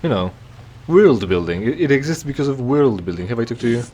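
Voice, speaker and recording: A man's voice: medium pitch, lively intonation, brisk, darkish tone, husky. A man giving casual, joking commentary while playing a game, rambling with stammered restarts. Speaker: let's play gamer.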